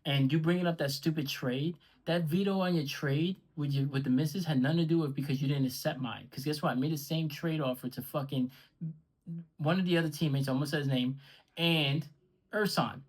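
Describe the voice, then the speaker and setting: A man's voice: on the high side, a little fast, low-quality recording. A man speaking straight to his audience in a heated, profane and sarcastic rant aimed at a rival podcaster. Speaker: podcaster and vlogger. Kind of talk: angry direct-to-camera rant.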